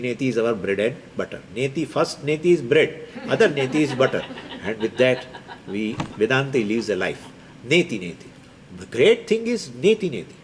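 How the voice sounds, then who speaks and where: A man's voice: fairly high pitch, slight background noise. A man giving an emphatic spiritual discourse as a Vedanta teacher, repeating key points. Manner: animated and emphatic, with laughs and repetition.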